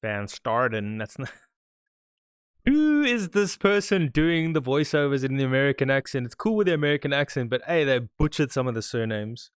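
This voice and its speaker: Male host, young, casual live-stream commentator; smooth voice, dead-dry close mic. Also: medium pitch, very animated, a little fast, few pauses, no room sound. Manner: chatty, talks to his live chat. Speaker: podcast host. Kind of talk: live watch-along commentary.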